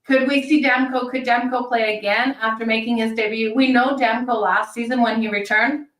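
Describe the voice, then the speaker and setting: A woman hosting a daily hockey betting show, talking fast and chatty, thinking out loud with fillers. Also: a little high, steady tone, recorded from a distance. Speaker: sports betting show host. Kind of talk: casual fast-paced hockey picks talk. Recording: roomy sound from off-mic.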